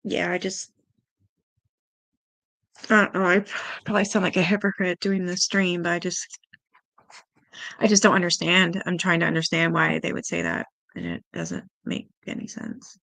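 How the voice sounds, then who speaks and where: A woman's voice: expressive, moderate pace, gravelly, long pauses, a bit bright, dry recording. Chatty, swearing woman streamer, dry sound. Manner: chatty, swears freely, talks to her chat; coos at her cats in a high baby voice. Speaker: true-crime livestream host. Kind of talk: casual livestream chat.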